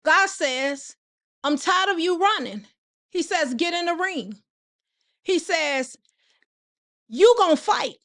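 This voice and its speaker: A woman's voice: extremely high pitch, lively intonation, slow, pauses often, sharp tone. A woman host preaching on a live stream, repeating phrases and asking listeners pointed rhetorical questions, and greeting viewers by name between points.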